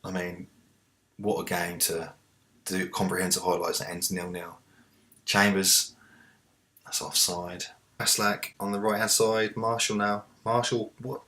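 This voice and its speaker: Low-voiced male gamer, narrates the match play by play and yells at his team. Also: unhurried, pauses often. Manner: talks to the players, swings from muttering to excited shouts. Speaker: let's play host. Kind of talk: live game commentary.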